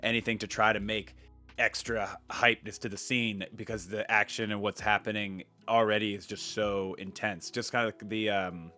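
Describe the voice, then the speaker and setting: Young man, podcast co-host, low voice, rambling, restarts a lot, faint music behind. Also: level tone, moderate pace, pushed and bright. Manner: rambling, many fillers and restarts. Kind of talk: casual film discussion.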